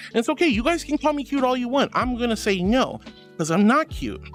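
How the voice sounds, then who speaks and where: A woman streaming as a VTuber archangel persona, chatting casually with her viewers in a playful, dramatic way and turning soft and comforting when she consoles them. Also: fairly high pitch, very animated, fairly quick, soft background music. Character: archangel persona, regal and sweet. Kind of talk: casual livestream chat.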